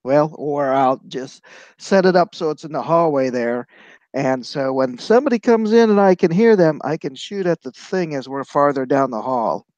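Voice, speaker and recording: A man's voice: a little high, expressive, moderate pace, a little mellow, dry recording. A man playing a tabletop game, laying out his plans step by step while thinking aloud. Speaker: player. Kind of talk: casual tabletop play. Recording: dry, lo-fi recording.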